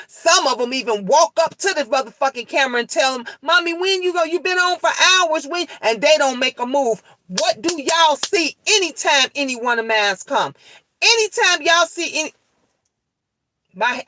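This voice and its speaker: A middle-aged woman talking straight to her livestream chat, heated and emphatic, swearing and hammering her points home. Her voice has a bright, forceful edge, and the sound is close and dry with no room echo. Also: a little high. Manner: talks straight to her viewers, answering their comments.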